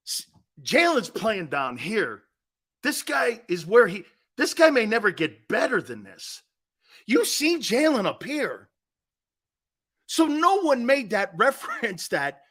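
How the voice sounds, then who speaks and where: Animated, emphatic male sports talk host. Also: high-pitched. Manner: emphatic, combative, repeats himself for emphasis. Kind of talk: opinionated sports talk rant.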